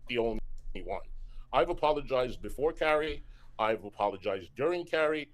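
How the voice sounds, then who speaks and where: A man's voice: medium pitch, animated, moderate pace. Man in a replayed video clip, defiant and repetitive, ordinary mid voice. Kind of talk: clip of a defensive YouTube rant.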